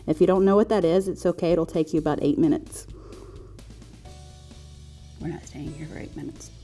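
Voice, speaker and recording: A woman's voice: sits low, steady tone, normal speed, warm tone, soft background music. A woman leading a yoga class, chatting and joking playfully as she guides the poses. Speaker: yoga instructor.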